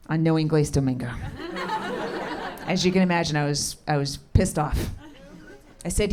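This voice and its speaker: A middle-aged woman doing stand-up comedy with crowd work, deadpan, sardonic and profane. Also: on the low side, normal speed, long pauses. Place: comedy club stage. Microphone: handheld stage mic. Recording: live club recording with crowd. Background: laughing audience.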